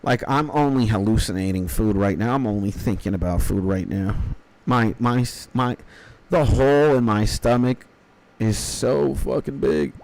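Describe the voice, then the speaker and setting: A man's voice: on the low side, moderate pace, a little mellow. A man in his thirties talks loosely while he streams a game. He rambles from one thought to the next and swears freely. He mixes mock-serious life advice with offhand jokes. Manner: rambling, profane, mock-philosophical. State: hungry after an early start. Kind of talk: casual chat while gaming.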